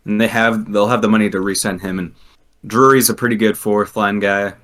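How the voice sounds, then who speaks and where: A man chatting casually on a podcast, animated and quick to laugh as he tells a story. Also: fairly low pitch. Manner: animated, laughs often, trails into restarts. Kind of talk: casual hockey chat.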